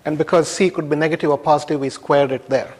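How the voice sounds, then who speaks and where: A man giving a university lecture, explaining slowly and methodically with pauses. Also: on the high side, fairly even intonation, darkish tone. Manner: slow, measured explaining with pauses. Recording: long hall reverb.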